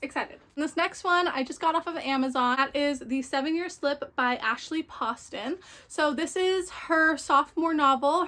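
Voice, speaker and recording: A woman's voice: high voice, a bit bright. A young woman chatting casually about a book haul, gushing and full of fillers. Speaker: book vlogger.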